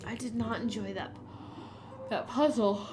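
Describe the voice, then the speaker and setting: A woman's voice: on the high side, fairly even intonation, unhurried, noisy background. A woman giving casual commentary while playing a game, chatty and musing aloud. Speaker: gameplay streamer. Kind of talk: casual let's-play commentary.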